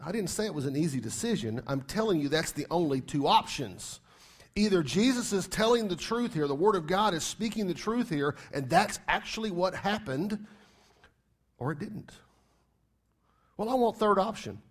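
A man's voice: sits high, lively intonation, normal speed. A man preaching a sermon as pastor, emphatic, repeating key phrases and firing rhetorical questions at the congregation.

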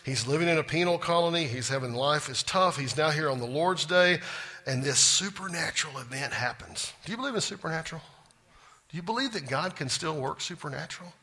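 A man's voice: fairly high pitch, lively intonation, fairly quick, bright, forceful tone, breathy edge. A man teaching a Bible class in a church classroom, folksy and drawling, often stopping to quiz the group. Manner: folksy, asks the class questions.

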